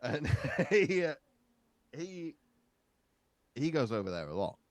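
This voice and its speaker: A man's voice: a little high, sing-song, slow, no room sound. A man chatting as a podcast co-host, blunt and profane, laughing easily. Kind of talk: casual banter.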